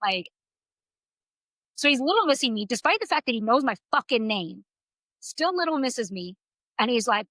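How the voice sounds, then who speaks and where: Bright, lively woman telling a story. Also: on the high side, fairly quick, pauses often, dry recording, rough recording. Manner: animated storyteller, swears freely. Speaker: podcast co-host. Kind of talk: casual chat about a book.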